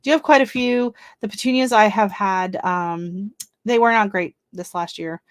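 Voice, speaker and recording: A woman's voice: medium pitch, moderate pace, no room sound, studio quality. Chatty woman hosting a gardening livestream. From not from Canada. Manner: chatty, reads seed listings aloud and reacts. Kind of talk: casual live-stream chat.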